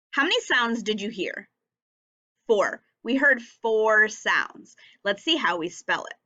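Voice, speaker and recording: A woman teaching a recorded phonics and punctuation lesson for young children, speaking slowly and enunciating each word and sound clearly. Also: mid-range voice, lively intonation, pushed and bright, dull audio.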